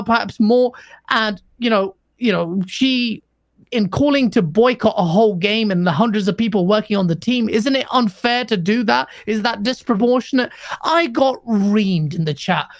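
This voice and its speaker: Chatty British man, high voice. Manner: chatty, storytelling. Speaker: podcast co-host. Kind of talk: casual podcast chat.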